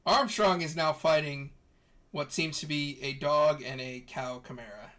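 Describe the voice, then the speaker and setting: A man's voice: on the high side, measured pace. Laid-back male game master narrating. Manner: relaxed storytelling with fillers and restarts.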